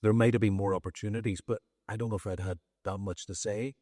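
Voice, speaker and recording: A middle-aged man with a Northern Irish accent, a songwriter guest telling stories in a relaxed, self-deprecating way during an on-stage conversation. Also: lowish voice, quick pace, dry recording, clean studio sound.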